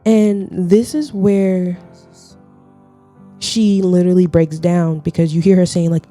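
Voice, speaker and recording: A woman's voice: fairly low pitch, takes it slowly, soft background music. A young woman hosting a podcast, telling a personal story in casual, slangy chat and acting out the quotes. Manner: animated, slangy, acts out quotes. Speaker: podcast host.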